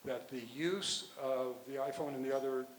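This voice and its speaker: An older man, a physician and author, answering audience questions at a conference in a rambling, halting way with many restarts. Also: medium pitch, fairly even intonation, slight background noise, rough recording. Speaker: guest speaker, physician and author.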